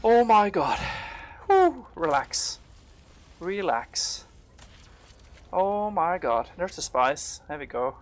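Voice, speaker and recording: A man narrates his game live in a slightly high voice, rambling through fillers and restarts. He curses when something goes wrong. Faint game ambience plays underneath him. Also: expressive, measured pace, few pauses, slight background noise. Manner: rambling, filler-heavy, swearing when startled. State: panicked, out of breath. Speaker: game streamer. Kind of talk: live gameplay commentary.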